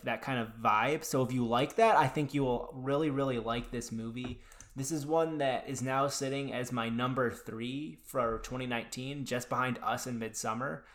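Talking horror movies on a podcast he co-hosts, this man sounds casual and eager, frequently starting his sentences over. His pitch is medium with a slightly bright edge.

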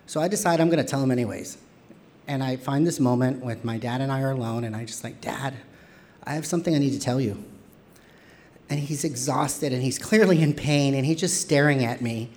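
A man telling a personal story on stage, expressive and playful with self-mocking humor. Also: medium pitch, a little fast, a little hiss or hum.

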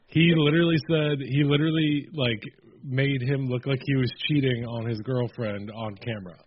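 A man co-hosting a podcast in casual chat, steering the talk in a relaxed way. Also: medium pitch, normal speed, slight background noise. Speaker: podcast co-host. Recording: dull lo-fi sound.

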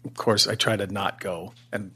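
A man guesting on a podcast, recalling a story in a relaxed, halting way and laughing easily. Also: on the low side, background noise. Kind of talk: casual chat.

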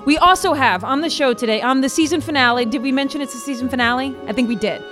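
A woman's voice: sits high, quick pace, over music. A woman co-hosting a podcast, chatting and teasing her co-host in a playful, casual way.

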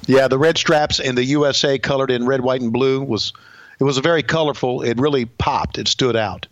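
A man co-hosting a casual wrestling chat, wry and quick to laugh along. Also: medium pitch, dry recording, muffled recording. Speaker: wrestling podcast co-host.

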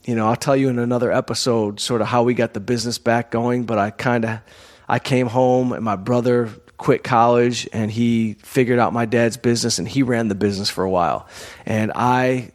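An adult, college-educated comedian and performer hosts his own show, delivering a casual storytelling monologue about something personal. His medium-pitched voice is fairly even in intonation and moderate in pace, and his candid, conversational telling is full of "you know" and "like."

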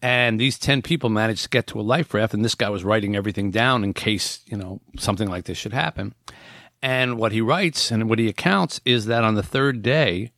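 Low-voiced man telling a story on a podcast. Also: fairly quick, a bit bright, dry recording, clean studio sound. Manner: conversational storytelling with frequent fillers and restarts. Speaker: podcast host. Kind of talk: casual podcast, retelling a book's plot.

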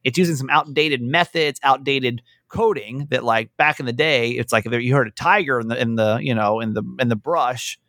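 A man co-hosting a casual radio talk show, chatting with lively emphasis and acting out the voices he quotes. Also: mid-range voice, moderate pace, few pauses, no room sound, studio quality. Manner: animated, acts out quoted voices. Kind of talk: casual on-air chat.

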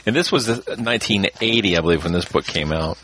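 A man hosting a podcast, giving a measured scripted intro and then chatting casually and reading aloud from a book. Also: low voice, expressive, fairly bright tone, a little hiss or hum. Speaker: podcast host.

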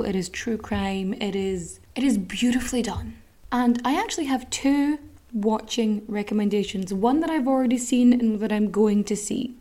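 An Irish woman hosts a podcast in a relaxed, chatty way, candid and quick to swear. Her voice sits a little high but has a mellow, soft tone. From Ireland. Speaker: podcast host. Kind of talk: casual chat.

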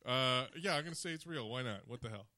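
A man's voice: mid-range voice, expressive, fast, heavy background noise. A man co-hosting a podcast, wisecracking and laughing often in casual chat with friends. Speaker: podcast co-host.

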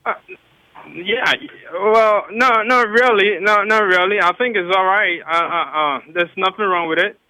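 Bright high man calling in. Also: no room sound, low-quality recording. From Liberia. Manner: hesitant, halting, easygoing. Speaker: caller. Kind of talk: call-in radio chat.

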